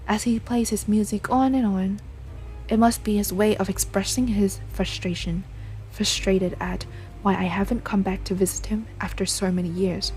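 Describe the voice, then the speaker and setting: A woman's voice: medium pitch, steady tone, normal speed, darkish tone, faint music behind, close to an everyday voice. A woman reading aloud the lines of a grieving young woman haunted by a ghost in a game, in an earnest, pleading way.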